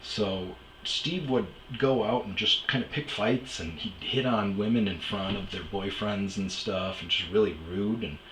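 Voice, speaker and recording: A man's voice: on the low side, measured pace, few pauses, a bit bright, roomy sound, a little hiss or hum, rough recording. A man casually telling rambling, profane stories as a podcast host, full of fillers and asides. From Omaha area. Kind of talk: casual storytelling monologue.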